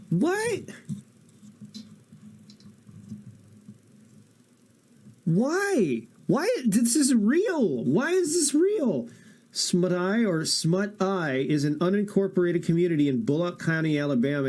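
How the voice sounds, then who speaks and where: A man's voice: medium pitch, darkish tone. A man streaming casual, profane reaction commentary, incredulous and jokey, swearing freely.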